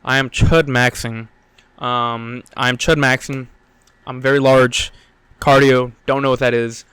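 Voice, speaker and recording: A man's voice: medium pitch, little pitch movement, unhurried, fairly bright tone, smooth, dry recording. A young man hosting a solo sports podcast, out of breath, rambling with lots of fillers and blunt, profane opinions. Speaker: podcast host.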